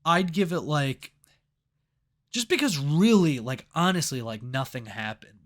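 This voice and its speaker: Bright-voiced young man reviewing movies. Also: fairly high pitch, a little slow. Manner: animated, swears freely, acts out movie lines. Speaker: podcast co-host. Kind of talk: casual movie review chat.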